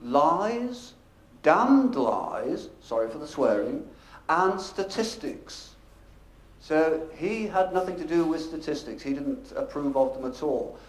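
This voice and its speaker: With a sing-song voice on the high side, a professional speaker presents at a convention in an echoey function room, speaking into a handheld or stage mic. His delivery is measured and emphatic, with changing volume and pace.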